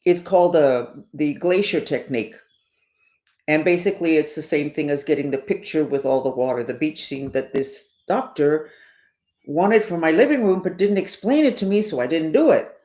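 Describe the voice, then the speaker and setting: A middle-aged woman hosting a podcast gives a casual spiritual talk to her listeners, speaking emphatically and preachily despite having the hiccups. Her voice sits low and warm, at a moderate pace, and the recording carries a roomy echo.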